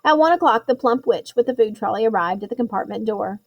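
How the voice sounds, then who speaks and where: A woman's voice: a little high, fast talker, dull audio. A woman narrating a novel as an audiobook reading, telling it expressively and stumbling over a word now and then. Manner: expressive storytelling with occasional slips.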